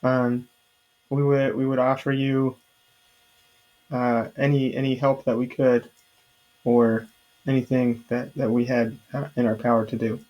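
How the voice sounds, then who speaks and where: A man playing a tabletop game casually, speaking haltingly with many fillers. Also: medium pitch, level tone, highs cut off. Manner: halting, hesitant, full of fillers. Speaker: player. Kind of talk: casual tabletop role-play.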